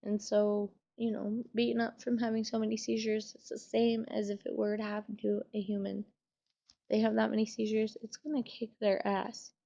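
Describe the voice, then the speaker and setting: A woman's voice: mid-range voice, flat delivery, moderate pace, creaky, dark tone, lo-fi sound. A young woman telling a sad personal story in a casual vlog, swearing and using many fillers while she fights back tears. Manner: emotional, trying to hold back tears. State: tearful. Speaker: vlogger.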